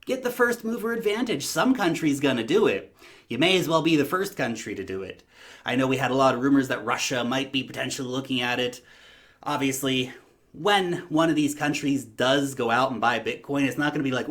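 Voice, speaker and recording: A man's voice: medium pitch, animated, brisk, a bit bright. A man giving emphatic, opinionated vlog commentary, rallying his viewers and calling them "guys". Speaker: crypto vlogger.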